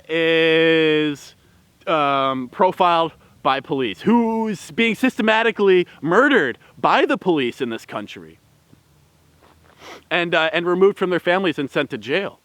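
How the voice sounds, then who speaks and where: A man talks through his opinions slowly in a smooth, clear voice that sits a little high. He rambles and restarts often, and the room sound is dry. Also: lively intonation, a bit bright, dry recording. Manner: rambling and heated, many fillers and restarts. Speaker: vlogger. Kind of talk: opinion commentary.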